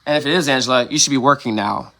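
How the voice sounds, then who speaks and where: A man's voice: mid-range voice, rapid-fire, vocal fry, noisy background. A man hosting a late-night solo livestream, rambling with frequent restarts, swearing and laughing at himself. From Ohio. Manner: rambling, self-interrupting, profane and laughing. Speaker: livestream host.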